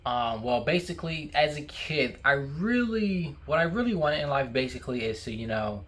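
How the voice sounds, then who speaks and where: A man's voice: fairly high pitch, animated, moderate pace, fairly bright tone. A young man vlogging casually to camera, talking while he eats, rambling with many fillers and restarts.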